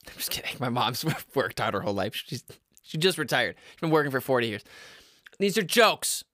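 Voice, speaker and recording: A man hosting a comedy podcast, ranting in a loud, high-energy, profane and sarcastic way, with self-mockery. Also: very animated, fairly quick, dry recording, clean studio sound.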